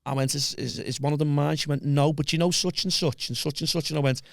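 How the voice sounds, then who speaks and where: Scouse bloke, podcast guest; gravelly, dry close-mic sound, swears freely, mimics the people in his story. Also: fairly high pitch, fairly even intonation, fast talker, no echo. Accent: Liverpool. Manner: swears constantly, acts out quoted voices. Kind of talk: casual storytelling chat.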